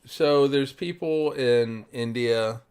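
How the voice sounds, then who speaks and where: Man, podcast co-host, unhurried and smooth-voiced, full of "you know"s and restarts. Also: medium pitch, a little mellow. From South Carolina, US. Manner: rambling, many fillers and restarts. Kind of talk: casual chat.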